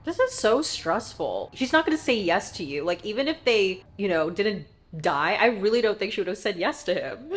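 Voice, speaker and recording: A woman's voice: medium pitch, sing-song, moderate pace, few pauses, slight background noise. A woman casually reacting to a TV episode, chatty and emotional, with lots of filler words. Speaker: TV show reaction host.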